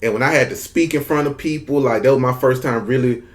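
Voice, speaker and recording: A man with a thick Mississippi drawl tells a story to camera in a loose, laid-back way, stretching his words and peppering them with slang. His voice sits at a plain middle pitch and never sounds polished. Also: fast talker. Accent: Mississippi Southern drawl. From Mississippi, US South. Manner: laid-back, drags words, slangy, frequent "you know what I'm saying". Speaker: content creator. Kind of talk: casual storytelling monologue.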